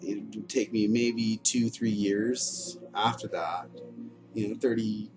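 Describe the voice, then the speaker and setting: A man in his thirties telling his own story in a frank, halting way, full of fillers, restarts and the odd curse. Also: fairly low pitch, fairly even intonation. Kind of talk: candid personal monologue. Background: music playing.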